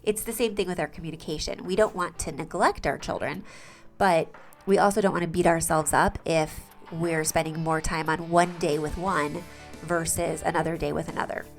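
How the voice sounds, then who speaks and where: Chatty host over background music. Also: female voice, low-pitched, steady tone, moderate pace. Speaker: podcast host. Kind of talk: casual podcast talk and sponsor read.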